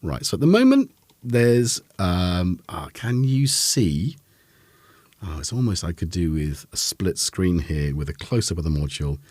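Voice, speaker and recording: A man's voice: sits low, big pitch swings, a little slow, darkish tone, dry recording. A man hosting a casual live synth demo, rambling with lots of fillers and self-corrections. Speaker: host of a synth livestream.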